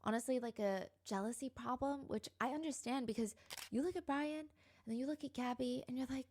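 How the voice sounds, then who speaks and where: Young woman, fairly high voice, casual true crime storytelling, chatty with lots of fillers. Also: brisk, a little mellow. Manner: chatty, filler-heavy retelling with quoted voices.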